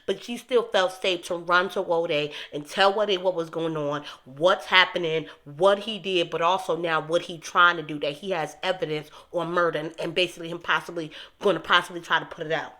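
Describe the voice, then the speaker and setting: A young woman talking casually to her viewers as she recaps a TV episode, animated and emphatic. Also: on the low side, normal speed, few pauses. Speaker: TV recap host.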